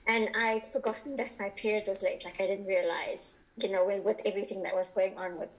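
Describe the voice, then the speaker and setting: A woman's voice: medium pitch, fairly even intonation, brisk, poor audio. Candid chatty woman guest. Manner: open and candid, chatty with many fillers. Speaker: podcast guest. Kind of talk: casual interview conversation.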